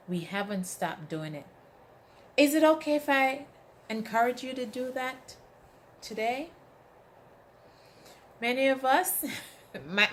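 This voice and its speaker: A motivational speaker with a mid-range voice gives an inspirational talk, emphatic and often asking the audience "right?" She tells animated stories with acted-out quotes, over a little hiss or hum.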